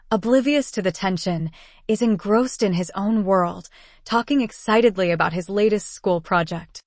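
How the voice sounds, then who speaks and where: A woman giving a steady, measured first-person narration of a story as an audiobook narrator. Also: medium pitch, no room sound.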